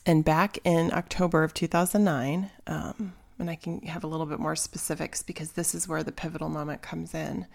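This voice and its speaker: A woman in her forties, hosting a podcast and candidly telling a personal story in a lively, exclaiming way. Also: sits low, a little fast, creaky, few pauses. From Chicago area, US. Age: 40s. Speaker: podcast host.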